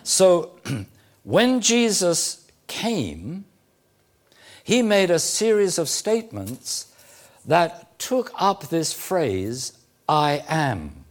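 A man preaching a sermon, teaching slowly and deliberately with emphatic phrasing and occasional fillers. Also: on the high side, very animated. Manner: occasional throat clearing and "uh" fillers.

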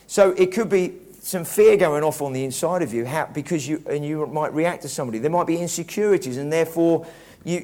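A man's voice: a little high, warm tone. A man preaching a conversational, reflective sermon, often restarting his sentences. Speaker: pastor.

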